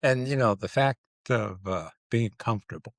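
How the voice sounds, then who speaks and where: A man with a low voice co-hosts a relaxed podcast chat. He is playful and animated and stretches out words to stress them. The sound is close and dry. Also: no echo. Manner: animated, playful, drawn-out emphasis. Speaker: podcast co-host. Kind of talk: casual chat.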